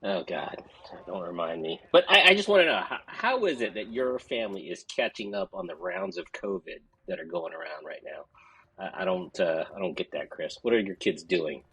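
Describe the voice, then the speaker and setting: Male co-host, raspy and gravelly, low voice with lively swings. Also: moderate pace, poor audio. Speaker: podcast co-host. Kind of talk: casual podcast chat.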